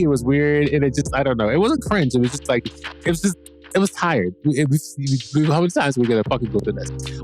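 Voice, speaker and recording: A man hosting a podcast, recapping a TV episode in a casual, rambling way and swearing freely. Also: mid-range voice. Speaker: podcast host.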